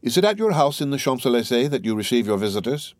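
A man's voice: medium pitch, sing-song, fast, no echo, voice pushed up, lightly acted. A man doing an uneasy, stiff magistrate. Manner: formal, uneasy, stammering at times. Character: anxious middle-aged magistrate, stiff and defensive.

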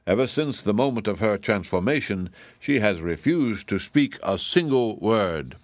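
A man's voice: fairly low pitch, lively intonation, moderate pace, no echo, lightly acted. A man voicing a huge, falsely sweet giantess witch who talks in a mocking, self-assured way for a storybook reading. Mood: scornful.

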